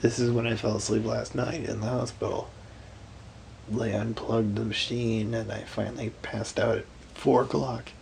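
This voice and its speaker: A tired man half-whispering a late-night vlog, recounting a painful hospital night in a drowsy way with sudden lively bursts. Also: lowish voice, normal speed, vocal fry, a little hiss or hum, poor audio. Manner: hushed, drowsy storytelling that swings from whispers to animated outbursts. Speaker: vlogger.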